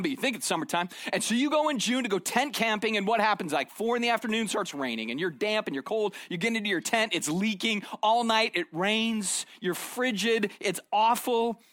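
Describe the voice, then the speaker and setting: High-voiced preacher, dry close sound. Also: male voice, a bit bright, dry recording. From Arizona. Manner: conversational storytelling, frequent "right?" tag questions. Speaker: pastor. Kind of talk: sermon.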